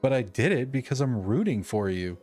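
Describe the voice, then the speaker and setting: A streamer voicing a calm shapeshifting god from a video game, speaking lower and easy, with a reassuring tone. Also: a little fast, soft background music.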